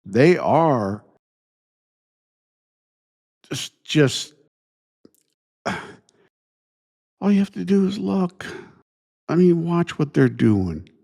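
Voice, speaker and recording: A man hosting his own show, ranting indignantly in a halting way, restarting phrases and sighing between thoughts. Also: fairly high pitch, sing-song, gravelly, warm tone. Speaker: podcast host. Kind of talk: solo opinion rant.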